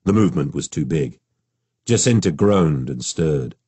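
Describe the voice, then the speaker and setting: Man narrating an audiobook, deep husky voice, steady pace, dry close mic. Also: dry recording. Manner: measured, steady storytelling.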